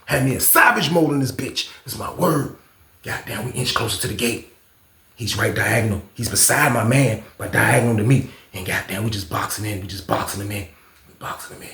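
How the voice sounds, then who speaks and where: A man telling a casual storytime tale, animated and profane, often repeating his own catchphrases. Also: on the low side, a little fast, reverberant. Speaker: storyteller, channel host.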